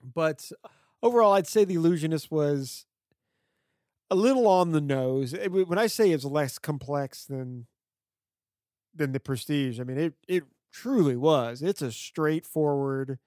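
Chatty man with a higher voice. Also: a little slow, no echo, studio quality. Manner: relaxed, chatty, frequent fillers. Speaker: podcast co-host. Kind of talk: casual film discussion.

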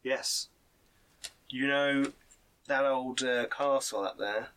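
Guy doing a chatty dockside informant, rambles with lots of ums, bright clear voice. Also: medium pitch, fairly even intonation, slow pace, distant mic, rough recording. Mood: confiding. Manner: rambling, confiding, full of hesitations. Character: chatty male townsman informant who knows the docks.

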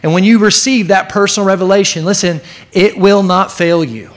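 Man preaching a lively sermon. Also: high voice, brisk. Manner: animated preaching, acts out quoted voices. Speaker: pastor.

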